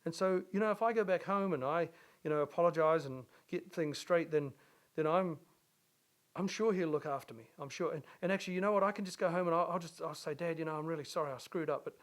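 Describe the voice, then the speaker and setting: A man's voice: fairly high pitch, fast, lightly acted. A man voicing a humbled young prodigal son who pleads with himself to go home. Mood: pleading.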